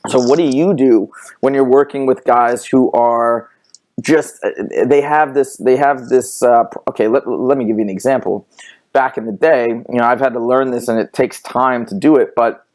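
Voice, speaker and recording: A man's voice: mid-range voice, steady tone, moderate pace, a little mellow. A man hosting a dating podcast, talking casually and rambling through his questions with easy laughter. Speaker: podcast host. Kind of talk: podcast interview.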